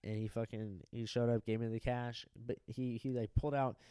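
A young man co-hosting a podcast, telling a crude story in a loose, animated way and acting out the people in it. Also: mid-range voice, brisk, clear, resonant tone, no echo, clean studio sound. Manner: animated, profane, acts out quoted people. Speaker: podcast co-host.

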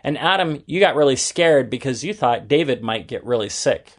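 A man's voice: medium pitch, lively intonation, normal speed, close to an everyday voice. A man voicing a patient, fair mother. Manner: patient, explaining.

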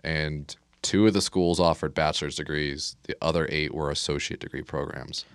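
A man's voice: very deep voice, moderate pace, smooth, dry recording. A young man, the guest, chatting casually about his training and cold winters, telling stories with wry exaggeration. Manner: relaxed storyteller, wry exaggeration. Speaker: guest, air traffic controller. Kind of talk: casual interview chat.

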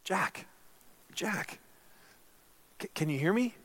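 A pastor voicing God as a relaxed, gently firm male voice calling down to a man on a cliff. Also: sits high, slow pace, voice pushed up, heavily acted. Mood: calm. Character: calm, patient male God speaking from above.

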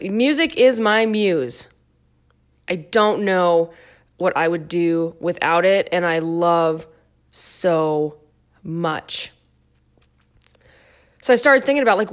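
Chatty goofy woman podcast host. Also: mid-range voice. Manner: chatty, goofy, animated with playful asides. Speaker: podcast host and dance fitness instructor. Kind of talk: casual solo podcast talk.

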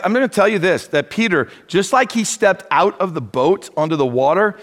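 A man preaching a sermon as pastor, animated and acting out the dialogue he quotes. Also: high voice. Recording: long hall reverb.

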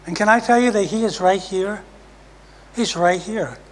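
Male preacher, high voice, emphatic testimony, hushed drops, church reverb. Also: normal speed, a little hiss or hum. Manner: emphatic, swings from loud to hushed. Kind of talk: sermon testimony. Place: church sanctuary. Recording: long reverb of a church hall.

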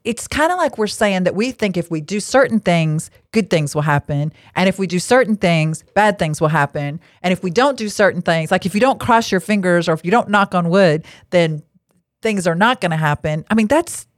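Speaking at normal speed in an animated voice on the low side, a woman leads a casual Christian teaching talk from a table indoors. She's a podcast host and lay marriage counselor who's frank and bottom-line, adding chatty asides. The sound is clean studio quality with no room sound.

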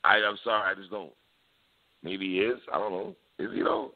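A man's voice: lowish voice, big pitch swings, moderate pace, creaky. A man in casual hip-hop debate chat, laid-back and slangy, who laughs often and repeats his phrases. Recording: tinny phone-like sound.

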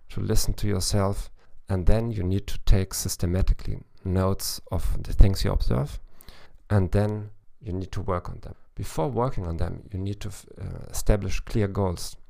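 Gravelly low-voiced man giving advice. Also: fairly even intonation, normal speed, mellow. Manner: thoughtful, with frequent restarts and fillers. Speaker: language coach podcast host. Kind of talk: solo advice podcast.

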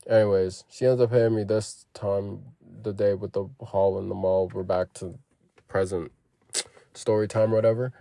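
A man telling a personal story in a casual, profane vlog, animated and acting out what people said. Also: lowish voice, moderate pace, gravelly, no room sound. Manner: profane, animated retelling that acts out quoted lines. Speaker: vlogger.

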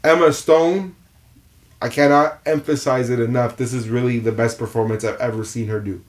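Chatty male podcast co-host, mid-pitched, animated and rambling, casual film chat. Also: normal speed. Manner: animated, rambling run-on opinions.

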